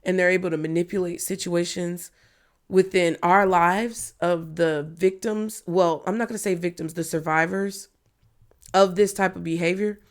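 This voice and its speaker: Woman, thirties, low pitch, blunt, swears freely, frank talk to viewers. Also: steady tone, moderate pace. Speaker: tarot reader. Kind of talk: candid personal talk to viewers.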